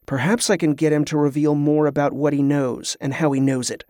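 A man voicing a shrewd captive spy who speaks in a measured, wry way. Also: a little high, steady tone, darkish tone, no echo, clean studio sound, natural voice. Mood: resolute.

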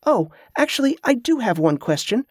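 Man voicing a woman adventurer, curious, polite, raised pitch, dry close sound, fantasy audiobook. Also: sing-song, moderate pace, husky, dry recording, heavily acted. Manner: inquisitive, courteous.

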